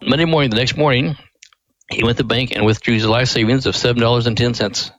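An older man from Missouri, a ministry director appearing as a guest, tells a family story in a folksy, unhurried manner, earnest and devout, animating the people he quotes. His middle-pitched voice is steady and fairly bright. The low-quality recording sounds close and dry, with no room sound or echo.

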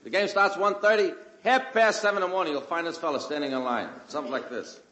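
A stand-up comedian from Brooklyn, New York, with a Brooklyn accent, delivers a wisecracking monologue on stage before a live audience, shouting out fans' lines as he tells his story. His voice leans high and fast, and the low-quality recording is reverberant.

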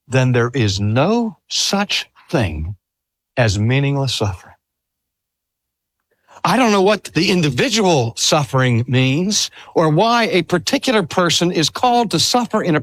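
An older man, a pastor, preaching a sermon in a slow, measured way. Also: a little high, no room sound. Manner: slow, measured delivery with lively rises and falls.

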